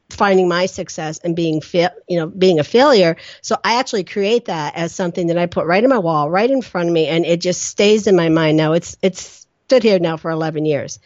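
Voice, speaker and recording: Low-pitched middle-aged woman telling stories. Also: no echo. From Pennsylvania, US. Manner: animated storyteller, laughing, acting out quoted lines. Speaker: guest, motivational speaker. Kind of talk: podcast interview storytelling. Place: her home office. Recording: dry, slightly dull sound.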